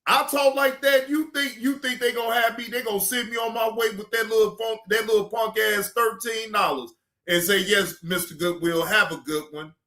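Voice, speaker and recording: A man hosting a casual reaction stream, ranting in an animated, emphatic and joking way. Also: extremely high pitch, fairly quick. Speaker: streamer host.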